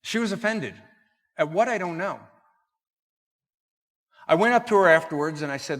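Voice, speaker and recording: Animated male preacher in reverberant hall. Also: fairly high pitch, normal speed, pauses often. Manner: animated storyteller acting out dialogue. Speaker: conference speaker. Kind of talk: storytelling sermon talk. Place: church hall.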